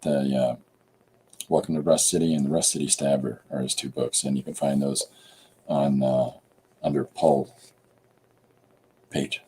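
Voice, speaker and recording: A man's voice: rumbling low, level tone, unhurried, long pauses, darkish tone, slight background noise, poor audio. A middle-aged man from Canada, a comic artist chatting casually on a live stream, rambling with many fillers.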